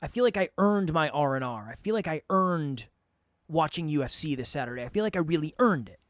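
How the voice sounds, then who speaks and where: Animated man with a slightly worn voice. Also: a little high, dry recording, studio quality. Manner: quick, animated, self-correcting. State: voice getting worn from a long day. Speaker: podcast co-host. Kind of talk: casual podcast chat.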